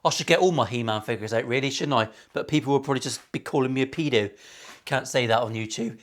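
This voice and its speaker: A man's voice: medium pitch, fast. A middle-aged man, a guitar maker hosting his own workshop video, talking in sweary, self-mocking, rambling banter. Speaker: luthier and channel host. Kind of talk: casual workshop vlog banter.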